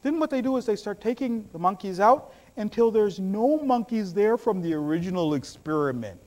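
Man, preacher, sermon, very high voice, lively pitch, animated storytelling, loud bursts and hushed asides. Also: moderate pace.

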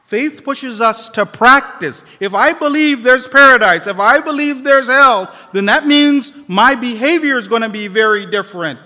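Lively high-voiced preacher in echoing hall. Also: male voice, normal speed, few pauses. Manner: animated, acts out quoted dialogue; quotes Arabic scripture. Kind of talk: sermon.

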